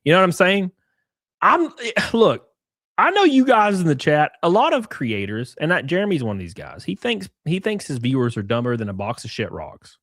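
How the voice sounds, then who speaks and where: A man's voice: fairly high pitch, moderate pace, no room sound, clean studio sound. A man hosting a live stream, reading tweets aloud with sarcastic, profane commentary and calling everyone "brother". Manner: animated, sarcastic, profane, keeps saying "brother". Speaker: streamer host.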